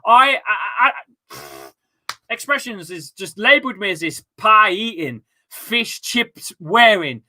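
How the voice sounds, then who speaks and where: A man with an East Midlands accent hosting a live football watchalong at home, full of excitable, sweary, rambling banter. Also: sits high, slow. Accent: East Midlands English. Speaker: host of a fan watchalong stream.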